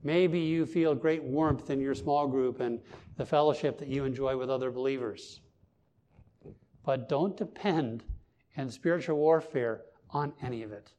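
A man preaches at a measured pace in a warm, mid-range voice. He is a pastor delivering his sermon with earnest emphasis, his stresses rising on the key points.

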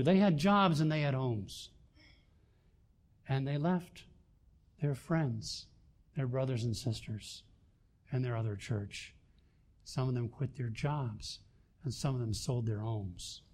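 An older man preaching a sermon, swinging between loud emphasis and quiet asides. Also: medium pitch, slow, long pauses. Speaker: pastor.

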